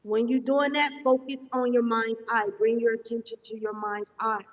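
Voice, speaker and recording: Lady running a meditation class online, talks quick, sounds far off and kinda muffled. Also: fairly high pitch, level tone. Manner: fast-talking, says so herself; instructive, checks in often with "okay?". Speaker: spiritual teacher. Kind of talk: live-streamed meditation lesson, answering chat. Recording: distant, echoey, dull sound.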